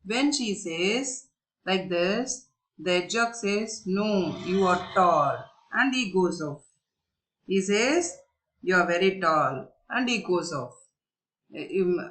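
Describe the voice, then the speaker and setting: A woman teacher with a medium-pitched, slightly bright voice explains a story to young children. She repeats herself, searches for words and asks them questions.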